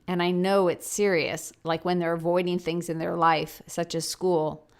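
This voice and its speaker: A woman's voice: fairly low pitch, creaky. A woman hosting a podcast as a physician, explaining in an earnest, informative way.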